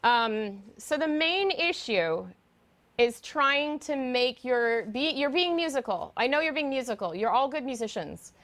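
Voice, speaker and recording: A woman's voice: high-pitched, lively intonation, measured pace, a bit bright. A middle-aged woman vocal coach giving an online singing lesson, chatty and explaining with fillers and demonstrations.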